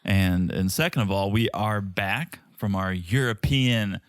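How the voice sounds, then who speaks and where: A man's voice: lowish voice, a little slow, no room sound. A man co-hosting a podcast with his wife, chatting casually and joking in a rambling way. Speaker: podcast co-host. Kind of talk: casual chat.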